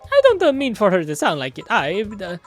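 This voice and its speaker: A man's voice: sits high, huge pitch swings, fairly quick, soft background music. A man voicing a nervous young delivery boy in a video game, stammering and hesitant. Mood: flustered. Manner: stammering, hesitant, lots of uhs.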